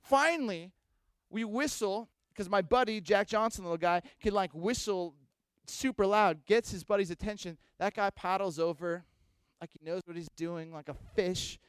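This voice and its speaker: A man with a fairly high voice delivers a sermon as a lively storyteller, jumping from loud bursts to hushed asides. The sound is dry and close, with no room around him. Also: moderate pace, smooth, no echo. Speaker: pastor.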